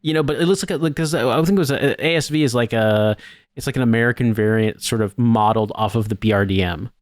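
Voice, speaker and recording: A man's voice: medium pitch, fast talker, dry recording, clean studio sound. A man co-hosting a podcast in casual chat, rambling and swearing with lots of filler words. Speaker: podcast co-host.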